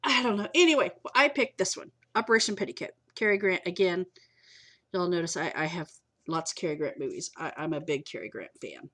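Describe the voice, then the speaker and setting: A woman's voice: lowish voice, expressive, brisk, fairly bright tone. Rambling, tired woman. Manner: rambling, chatty, self-interrupting. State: tired and yawning. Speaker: movie collector vlogger. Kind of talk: casual chat. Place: home room.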